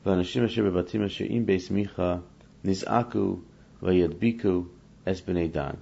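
Gravelly low-voiced man teaching scripture. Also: moderate pace, mellow, dull audio. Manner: reads Hebrew verses then explains them in English; dramatizes the speakers in the text. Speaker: Torah teacher. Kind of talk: verse-by-verse scripture lesson.

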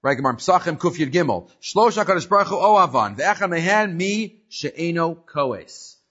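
A man teaching a casual religious class, telling a story with lively energy. His voice sits a little high, and he often restarts mid-sentence. The recording is muffled and lo-fi. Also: normal speed, husky. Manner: animated storyteller with frequent restarts. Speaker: Torah teacher.

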